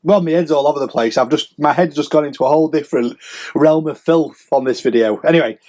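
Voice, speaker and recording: A man's voice: a little high, fast, a little mellow. A man giving a casual, rambling sales update as a reseller vlogger, chatty and self-mocking. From England.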